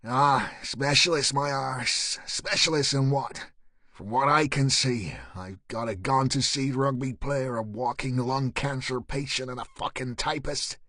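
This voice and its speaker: A man voicing a gruff, hot-tempered male detective inspector who shouts and swears. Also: medium pitch, measured pace, no echo, studio quality. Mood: angry. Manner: loud, swearing, angry.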